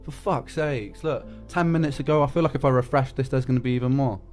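A man's voice: medium pitch, fast, darkish tone, soft background music. A young man talking casually to fans on a live stream, emotional and close to tears, swearing and repeating himself. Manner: emotional, swears, repeats words, says mate and bro. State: tearful.

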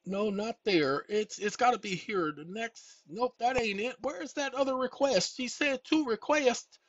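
Sounding worn out from a long session, this host still speaks animatedly, his extremely high voice rising with excitement as he reads documents and addresses viewers as "y'all" in a casual talk. He takes his time, and the dull, lo-fi home recording has no echo.

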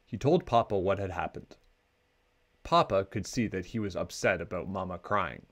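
A man reading a children's picture book aloud in an expressive storytelling manner. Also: deep voice, normal speed.

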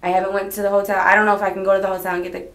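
A woman's voice: mid-range voice, level tone, very fast, a bit bright. A woman in her twenties being questioned by police, telling her story in a rambling, hesitant way. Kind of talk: police interview. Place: police interview room. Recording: roomy archival interview recording.

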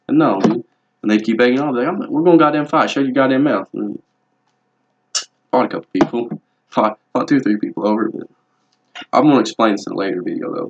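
A young man, rambling and swearing bluntly through a casual vlog about his tattoos. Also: on the low side. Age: young adult. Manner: profane, rambling, laid-back and blunt. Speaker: vlogger. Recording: dull lo-fi home video audio.

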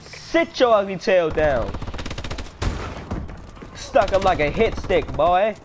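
A man commentating his own shooter match, playful and excitable, taunting enemies in sing-song banter and yelping when hit. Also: sits high, takes it slowly, background noise. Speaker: gameplay commentator. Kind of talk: live gameplay commentary. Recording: loud game gunfire behind voice. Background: game sound effects and gunfire.

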